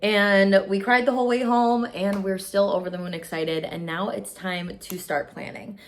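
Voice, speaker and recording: A woman's voice: mid-range voice, steady tone, normal speed. A young adult woman beauty vlogger telling a story in casual chat, gushing and emotional.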